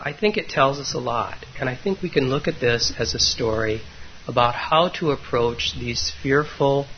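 A man giving a dharma talk as a meditation teacher, retelling a story gently and unhurriedly with frequent hesitations, in a dull lo-fi recording with faint noise. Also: medium pitch, creaky.

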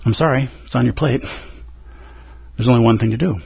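Earnest husky-voiced man giving a dharma talk. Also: medium pitch, a little fast, lo-fi sound. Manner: earnest and pleading, with playful asides. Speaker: meditation teacher.

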